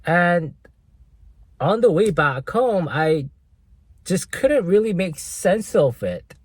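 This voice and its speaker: Speaking slowly and with hesitation, this young vlogger from Korea, whose first language is Korean, shares casual stories. His voice sits high with big pitch swings and a breathy edge, and he leans on fillers and "right?" tags.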